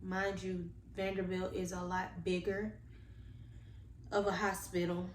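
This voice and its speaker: A woman tells a personal story to her viewers, earnest and animated as she talks to them directly. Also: fairly low pitch, measured pace. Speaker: vlogger telling a personal story. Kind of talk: casual storytime monologue. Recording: echoey room with faint background noise.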